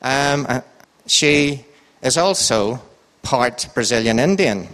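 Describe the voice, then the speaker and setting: A man's voice: medium pitch, lively intonation, takes it slowly, a bit bright. An Irish man with a lilting, sing-song delivery that rises and falls, giving a casual Bible talk to a church group. He sounds chatty and joking, and his voice carries a long reverb from the hall around him. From Ireland. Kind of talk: informal Bible talk with a quiz.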